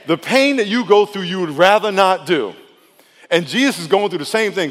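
A male pastor preaching a sermon in a conversational, emphatic way, sometimes dropping to a soft, intimate tone. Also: sits high, lively intonation, normal speed, in a large hall.

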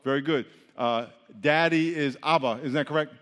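A man preaching a lively, interactive sermon, playfully teasing the congregation and leading them in repeat-after-me chants. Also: on the high side, moderate pace. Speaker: pastor. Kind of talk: interactive sermon with call-and-response. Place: church hall. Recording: long hall reverb.

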